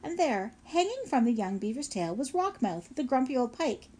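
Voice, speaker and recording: A woman narrating a children's novel in a steady storytelling manner. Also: sits high, moderate pace, breathy edge. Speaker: audiobook narrator. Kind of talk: scripted narration.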